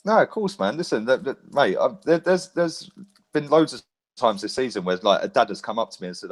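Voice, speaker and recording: A man's voice: medium pitch, lively intonation, a little fast. A man in casual chat, swearing freely and constantly checking for agreement. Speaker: fan YouTuber guest.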